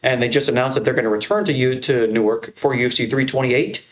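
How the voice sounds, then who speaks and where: A young man giving casual, profane, rambling commentary on his channel, ranking fight crowds with excitement. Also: medium pitch, fast. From American Northeast. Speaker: MMA content creator. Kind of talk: casual tier-list commentary.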